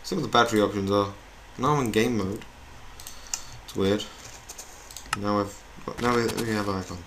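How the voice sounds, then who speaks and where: A man's voice: on the low side, moderate pace. A young man chatting in a rambling, self-mocking way as he plays a video game. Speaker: gamer. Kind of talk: gameplay commentary. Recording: noisy home recording with keyboard clicks.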